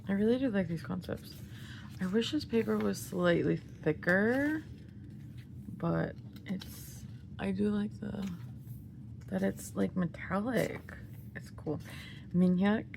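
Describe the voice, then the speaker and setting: An excitable woman, chatting casually and gushing through an unboxing, often dropping into a half-whisper. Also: mid-range voice, takes it slowly, gravelly, pauses often, slight background noise. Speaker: vlogger unboxing albums.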